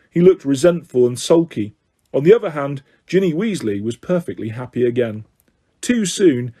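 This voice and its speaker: Male audiobook narrator, mellow voice, slightly husky, steady reading. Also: on the high side. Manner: steady reading, occasional self-corrections. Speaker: audiobook reader.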